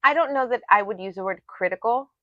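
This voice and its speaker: Woman from Florida, co-host, animated storyteller, lots of fillers, bright voice, dry close sound. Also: medium pitch, fast, no echo, highs cut off. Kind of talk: casual chat.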